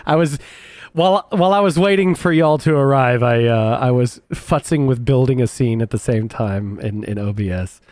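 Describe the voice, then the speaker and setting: A man's voice: medium pitch, moderate pace, a little mellow, no room sound. A man hosting a live stream in casual chat, rambling, restarting his sentences and laughing often. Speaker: streamer host.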